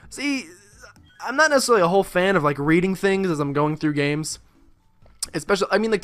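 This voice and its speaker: A man chatting through a video game, rambling and joking with profane asides. His voice sits a bit high for a man, close and dry, with soft game music under it. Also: dry recording. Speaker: let's play host. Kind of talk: casual gameplay commentary.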